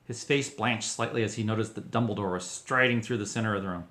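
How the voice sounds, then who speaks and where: A man reading a fanfiction story aloud as an expressive storyteller. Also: on the low side, fast. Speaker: fanfiction reader. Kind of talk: audiobook narration.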